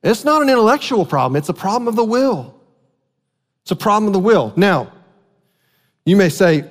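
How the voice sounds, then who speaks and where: A pastor delivering a sermon with a high-pitched voice that carries a long reverb, as in a large hall. He talks in a conversational, storytelling way and repeats key lines for weight. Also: big pitch swings, moderate pace, long pauses.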